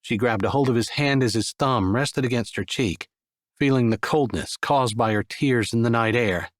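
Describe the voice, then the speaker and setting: A man narrating a romance audiobook in a calm, measured way. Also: mid-range voice, no room sound, studio quality. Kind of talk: scripted narration.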